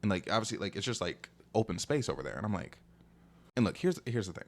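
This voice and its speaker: A man's voice: lowish voice, big pitch swings, quick pace. A young man casually telling a dating story in a rambling, slangy way, full of fillers.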